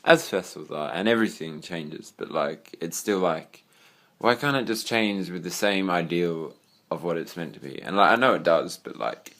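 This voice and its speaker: Low-voiced rambling Australian young man. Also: normal speed, fairly bright tone. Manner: rambling, swears casually, trails off with fillers. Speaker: vlogger. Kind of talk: casual rambling room tour. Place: own bedroom.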